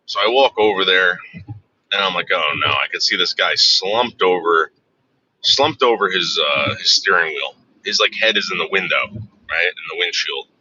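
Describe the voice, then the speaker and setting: A man's voice: deep voice, lively intonation, normal speed, bright, forceful tone, a little hiss or hum. A man telling casual, profane stories in a rambling way that keeps doubling back on itself. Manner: profane, rambling, self-interrupting. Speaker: storyteller. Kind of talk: casual anecdote. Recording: dull lo-fi dry recording.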